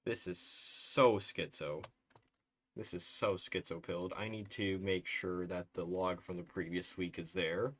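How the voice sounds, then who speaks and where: Slow, low-voiced soothing man streaming. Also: fairly even intonation. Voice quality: soothing, soft-spoken. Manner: thinks aloud, mumbling and correcting himself. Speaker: live streamer. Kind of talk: casual live-stream commentary while modding a game.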